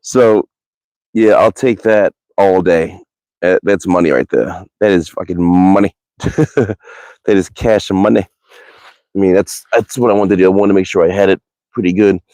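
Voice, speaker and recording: Rambling, profane man with a lowish voice. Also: steady tone, a little slow, a little mellow, no echo. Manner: rambling, profane, self-correcting. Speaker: archery live-streamer. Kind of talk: casual live-stream chat. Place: backyard outdoors.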